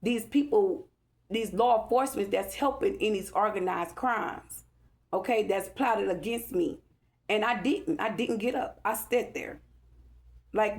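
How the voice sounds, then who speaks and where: Woman, vlog rant, gravelly, medium pitch, profane, repetitive, agitated. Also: measured pace. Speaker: vlogger. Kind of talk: angry rambling monologue to camera.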